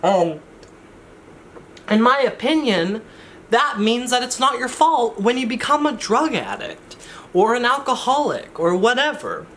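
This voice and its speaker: A man's voice: very high voice, very animated, a little slow, fairly bright tone, a little hiss or hum. A man vlogging in a casual, rambling way, often interrupting himself with jokey asides. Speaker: YouTuber. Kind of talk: casual vlog chat.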